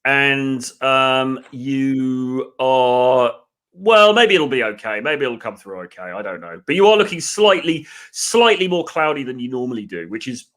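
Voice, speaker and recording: A man hosting a live stream over a video call. He talks in a loose, rambling way and teases his co-host lightly. His voice sits at a middle pitch. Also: a bit bright. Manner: chatty, rambling, lightly teasing. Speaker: podcast host. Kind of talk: casual live-stream chat.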